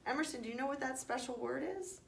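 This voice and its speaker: A woman's voice: high-pitched, fairly even intonation, quick pace, vocal fry. A woman teaching young children, patient and encouraging, asking questions and calling on them by name. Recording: distant mic, faint background noise.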